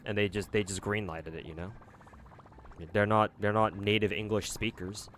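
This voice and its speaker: A man's voice: fairly low pitch, steady tone, moderate pace, a bit bright, a little hiss or hum. A man streaming live, chatting casually to his viewers and rambling with many fillers.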